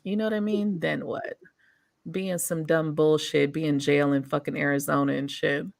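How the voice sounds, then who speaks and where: A woman hosting a casual chat, telling stories in an animated, profane way and laughing often. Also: low voice, normal speed, gravelly, no room sound, clean studio sound. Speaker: host.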